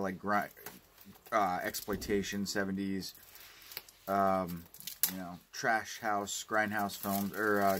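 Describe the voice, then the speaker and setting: A man's voice: lowish voice, sharp tone, a little hiss or hum. A man giving a casual unboxing review of home video releases, rambling and ranting with plenty of swearing. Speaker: home video collector vlogger.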